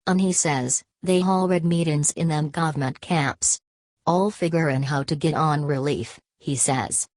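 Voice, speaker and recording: Tubby, gruff migrant man read by a woman; blunt storyteller, low and dry. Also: a little slow, a little mellow, no room sound.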